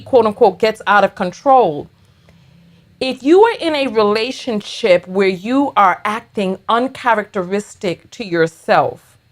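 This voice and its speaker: A woman giving blunt, sassy reaction commentary on a video, firing back retorts at what she watches. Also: medium pitch.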